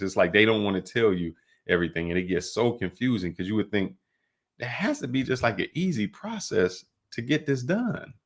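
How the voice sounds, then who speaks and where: Deep-voiced man hosting a podcast. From United States. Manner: loose storyteller, drawn-out fillers and restarts. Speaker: podcast host. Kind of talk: casual podcast chat.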